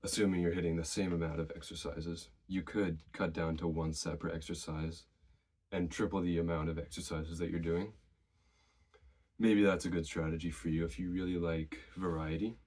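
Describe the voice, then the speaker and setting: Very low-voiced man giving gym advice. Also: normal speed. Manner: relaxed, conversational, shares personal experience. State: slightly out of breath. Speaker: fitness vlogger. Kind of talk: casual advice to camera.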